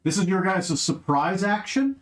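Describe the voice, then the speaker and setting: A man's voice: high-pitched, big pitch swings, normal speed. A man running a tabletop game as game master, narrating in a laid-back, jokey way.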